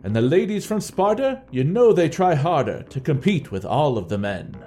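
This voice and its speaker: A man voicing a big muscular male warrior singing a bawdy marching song in a booming voice. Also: big pitch swings, normal speed, mellow, soft background music. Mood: jolly. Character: large muscular male warrior who sings.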